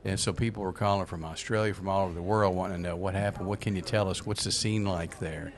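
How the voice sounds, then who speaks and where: Deep-voiced older radio host telling stories. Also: male voice, fast, crowd noise. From Memphis, USA. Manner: relaxed anecdotal storyteller, many fillers. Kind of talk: casual radio talk and storytelling.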